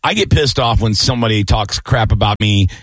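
A middle-aged man hosting a radio show in casual banter, animated, jokey and swearing freely. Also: on the low side, brisk, breathy edge, no room sound, studio quality.

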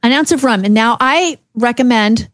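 A woman's voice: on the high side, moderate pace, no echo. A woman co-hosting a radio show, chatty and opinionated in casual studio talk. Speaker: radio co-host.

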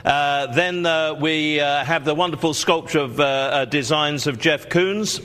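A man hosting a live televised art auction, pitching lots in a salesy way with many fillers and repeated calls to the audience. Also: a little slow, fairly bright tone, soft background music. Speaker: auction host.

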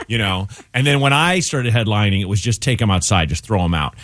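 A man's voice: on the low side, fairly quick, no echo, studio quality. A man, a comedian guest on a radio show, telling a story in casual talk and acting out the people in it. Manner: animated, acts out voices in his anecdotes. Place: radio studio.

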